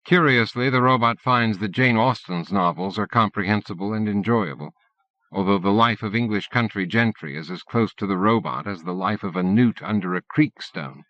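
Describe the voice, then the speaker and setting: Low-voiced male audiobook narrator. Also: normal speed, no room sound. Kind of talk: scripted narration. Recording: dull dry cassette-era audiobook recording.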